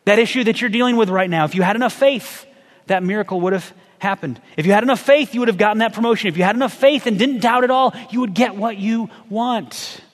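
A man preaching a sermon as a pastor, conversational and animated, firing off rhetorical questions. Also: high-pitched, fast, long reverb tail.

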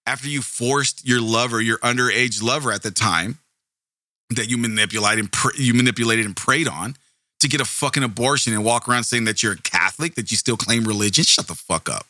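Bright-voiced indignant man ranting, dry sound. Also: mid-range voice, lively intonation, fairly quick, no echo. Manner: indignant, profane, sarcastic, mocking voices. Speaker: commentary video host. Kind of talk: profane casual commentary.

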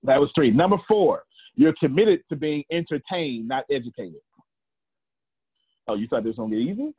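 A husky-voiced man with a Southern US accent leads a group call. He talks in a folksy, repetitive way, counting down and teasing his listeners. The audio is dry and thin, like a phone line. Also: mid-range voice, animated, moderate pace, pauses often, no room sound. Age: 40s. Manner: folksy, repeats phrases, counts down, teases listeners. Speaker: coach hosting a group call. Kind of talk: animated motivational coaching. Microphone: video call.

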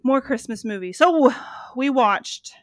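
With crowd noise in the background, a woman in her thirties speaks in a high, animated voice at a slightly slow pace. She's a podcast co-host having a casual movie recap chat, rambling with lots of fillers and swearing freely.

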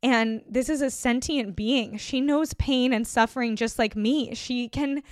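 A woman's voice: a little high, a little slow, dry recording, studio quality. Earnest rambling young woman podcaster. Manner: rambling, earnest, many fillers and restarts. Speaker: podcast host. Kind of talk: casual spoken reflection.

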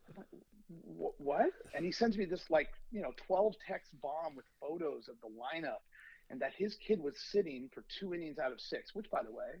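A man's voice: a little high, brisk, slightly rough, muffled recording. A man, a youth baseball coach, telling a long story on a podcast and acting out the lines of the people in it. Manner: animated anecdote, acting out quoted lines.

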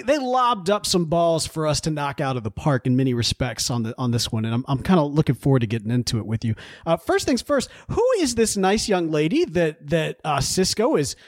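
A man hosting a casual podcast, animated and chatty, with many stammered restarts and laughs. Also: sits high, no room sound, clean studio sound. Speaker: podcast host. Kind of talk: casual chat.

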